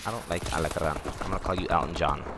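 A man streaming a shooter game in casual, excitable commentary, joking, swearing and laughing often. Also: extremely low pitch, racing, very noisy. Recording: loud game gunfire behind voice.

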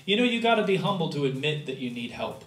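Male pastor, fairly high voice, slow deliberate sermon delivery with loud bursts and hushed drops; recorded from a distance in an echoey sanctuary. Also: big pitch swings. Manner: preaching with sudden loud rises and quiet drops. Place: church sanctuary.

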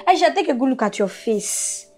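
A woman's voice: high-pitched, lively intonation, moderate pace, darkish tone, faint music behind. A woman playing a worried friend who earnestly urges her friend to leave an abuser, in a skit drama. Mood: concerned. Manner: earnest, urging, insistent. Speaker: concerned friend.

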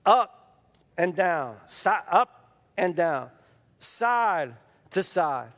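A man putting on a voice to play an old male karate master, patient and insistent, with clipped, halting phrasing. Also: sits high, very animated, a bit bright, long reverb tail, exaggerated voice.

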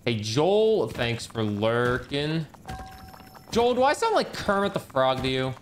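A man's voice: medium pitch, sing-song, slow, a little hiss or hum. A man streaming a video game, chatting casually in a rambling, joking, self-mocking way, over game music. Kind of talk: casual gaming commentary.

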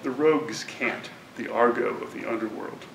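A man delivers a measured, deliberate academic introduction in a university lecture hall. He sits back from the microphone, and the room's echo hangs around his words. A faint rumble runs underneath. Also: vocal fry, recorded from a distance. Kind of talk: prepared literary introduction.

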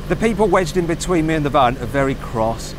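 A man's voice: fairly high pitch, expressive, brisk, noisy background. A British man giving apologetic, self-deprecating running commentary while driving a large pickup through town. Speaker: driver filming his truck. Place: inside a large pickup truck on town streets.

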